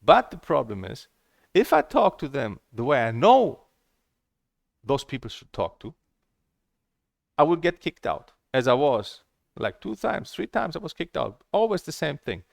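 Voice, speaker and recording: A man's voice: a little high, sing-song, unhurried, creaky, pauses often, no echo. A man vlogging about a table tennis game in a heated, blunt and profane monologue, often repeating himself and restarting phrases. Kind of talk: casual ranting monologue.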